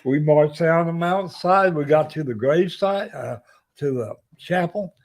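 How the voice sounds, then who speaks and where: A man's voice: a little high, a little slow. An older man, a Navy veteran, telling a long personal story as an interview guest and acting out what others said. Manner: lively storyteller who acts out quoted voices. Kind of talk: spoken anecdote.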